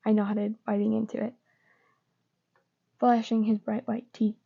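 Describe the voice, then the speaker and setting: A woman reading fan fiction aloud in a flat, subdued way. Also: on the high side, measured pace, vocal fry, long pauses, slightly rough. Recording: dull lo-fi recording.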